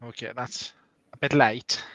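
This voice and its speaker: A man chatting on a live stream, with a bright, forward voice that is recorded dry and close. He jokes and pokes fun at himself. Sometimes he reads lines out in a clumsy put-on accent. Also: mid-range voice, fairly even intonation, measured pace, no room sound. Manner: self-deprecating and joking, reads lines in a shaky mock accent. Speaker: streamer co-host. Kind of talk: casual chat on a writing stream.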